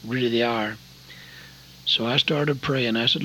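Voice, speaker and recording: An older man from Oregon preaching a sermon, earnest and folksy, telling a story with sudden loud emphasis. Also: medium pitch, steady tone, unhurried, a little hiss or hum, rough recording. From Oregon, USA.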